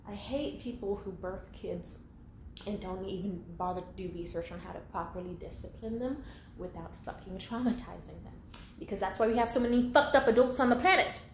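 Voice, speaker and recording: Blunt, profane young woman venting. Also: on the high side. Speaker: vlogger. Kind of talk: candid venting monologue. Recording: echoey room with faint background hum.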